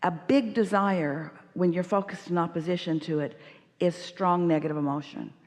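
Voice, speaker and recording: A woman's voice: on the low side, moderate pace, darkish tone. A woman giving an inspirational seminar talk to an audience member, speaking emphatically as a collective "we" and explaining patiently. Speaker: workshop speaker. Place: large hall at a live workshop. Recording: echoey hall with long reverb.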